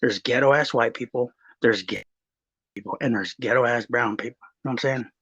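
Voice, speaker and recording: A man from Texas rambles through personal stories in casual chat, swearing freely and restarting his sentences often. His voice is a little husky at a middling pitch, and the recording sounds slightly muffled. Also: moderate pace, a bit bright. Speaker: guest.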